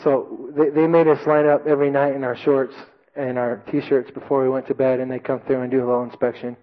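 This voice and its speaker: A man preaching a sermon to a congregation, telling a personal story with lively, self-mocking delivery and loud acted-out voices. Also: mid-range voice, brisk. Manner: animated storytelling, shouting quoted drill sergeant. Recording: dull lo-fi recording.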